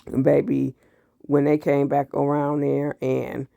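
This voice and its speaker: A man recapping a TV series episode in casual, animated commentary, blunt and full of profanity. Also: mid-range voice, slow pace, gravelly, clear, resonant tone, dry recording, studio quality. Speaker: TV show reviewer.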